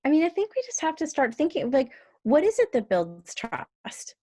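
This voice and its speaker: A woman's voice: sits high, huge pitch swings, normal speed, mellow, no echo, studio quality. A woman guest talking through marketing ideas in a thoughtful, conversational way, laughing easily. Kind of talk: casual conversation.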